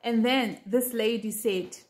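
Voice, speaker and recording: Woman w a slightly high voice telling her viewers about a dream, earnest, lots of "like"s, chatty. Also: unhurried. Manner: earnest, talks straight to viewers with many fillers. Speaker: vlogger sharing a prophetic dream. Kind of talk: casual personal storytelling.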